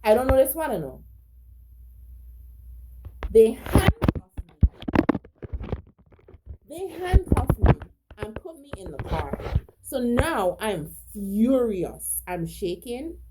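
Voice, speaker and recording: A woman's voice: fairly high pitch, big pitch swings, takes it slowly, pauses often, background noise. A woman telling a personal story in a casual monologue, agitated, profane, emphatic and repetitive. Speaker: storyteller recounting a personal incident.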